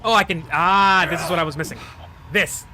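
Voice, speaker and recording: A man streaming a game live, talking to himself and his chat in an excitable way and laughing often. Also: sits high, brisk, a little hiss or hum. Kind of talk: live gameplay commentary and chat banter.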